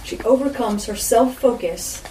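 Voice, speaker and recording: A woman's voice: fairly high pitch, a little slow, mellow. A woman giving an informal sermon as a Bible teacher, with a conversational manner and frequent asides to her listeners. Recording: roomy echo, distant mic, faint background noise.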